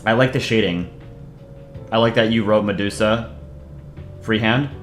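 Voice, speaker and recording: A man doing casual live-stream commentary as he reviews comics, relaxed and self-deprecating, often pausing with ums. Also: on the low side, echoey room, soft background music.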